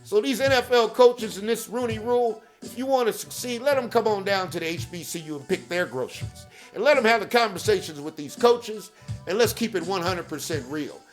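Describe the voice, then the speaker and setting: A man hosting a podcast who pitches hard, repeats catchphrases, keeps asking "okay?" and shouts out people by name. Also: animated, a little fast, soft background music. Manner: hype-driven, repeats catchphrases, peppers with "okay?". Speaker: podcast host. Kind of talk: promotional monologue.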